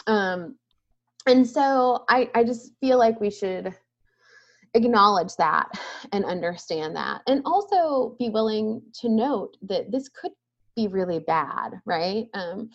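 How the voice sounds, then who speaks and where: A woman's voice: medium pitch, muffled recording. A woman in her thirties talking as a guest in a casual conversation, thoughtful and often ending points with a questioning "right?".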